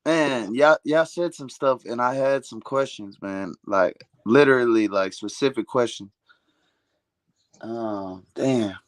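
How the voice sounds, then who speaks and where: Slow easygoing guest. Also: male voice, medium pitch, dry recording. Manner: easygoing, hesitant, slangy. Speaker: stream guest. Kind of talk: casual live-stream chat.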